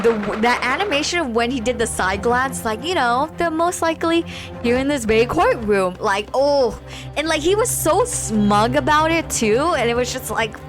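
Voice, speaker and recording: A woman streaming a game, chatting casually with excitable, gushing reactions. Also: sits high. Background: game music.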